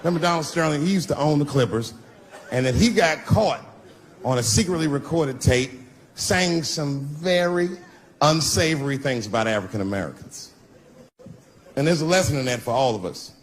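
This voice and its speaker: A middle-aged man with a slightly high voice and moderate pace performs a brash, crude stand-up set, delivering punchlines with mocking asides into a handheld mic. It's a live stage recording with audience noise.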